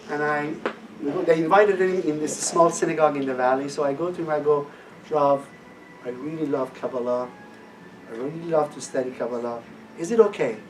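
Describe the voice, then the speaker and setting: A middle-aged man gives a personal testimony talk at a class, telling his story with animation and acting out the voices of people he quotes. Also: a little high. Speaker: guest speaker at a class. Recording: distant mic with faint room noise.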